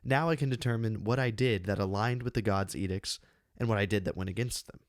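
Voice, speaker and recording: A man reading his own essay on a classic play, measured and deliberate, with slow emphatic pauses, close to a studio microphone. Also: fairly low pitch, dry recording. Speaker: channel host giving a literary analysis.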